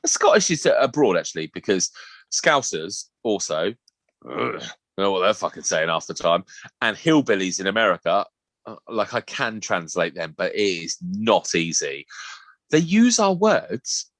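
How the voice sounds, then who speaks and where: A man's voice: sits low, sing-song, normal speed, fairly bright tone, no room sound. A young man co-hosting a podcast, ranting with exasperation and swearing. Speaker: podcast co-host. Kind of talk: casual chat.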